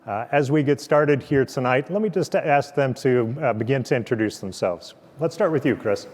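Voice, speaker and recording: A man's voice: medium pitch, normal speed, a little mellow, big-room sound, slight background noise. A man hosting a virtual scholarship event from a lab turned into a studio, earnest and stopping often to restart his sentences. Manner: earnest, with frequent fillers and restarts. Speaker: host, development officer.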